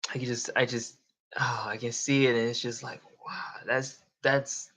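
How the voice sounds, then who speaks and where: A man's voice: mid-range voice, little pitch movement, moderate pace, fairly bright tone. A young man chatting casually on a live stream, rambling and swearing, often laughing. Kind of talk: casual livestream chat.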